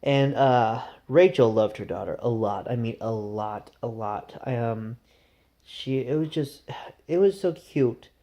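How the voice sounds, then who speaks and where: A man's voice: mid-range voice, measured pace, dark tone. A man telling a rambling, conversational story to camera in a casual vlog. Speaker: vlogger.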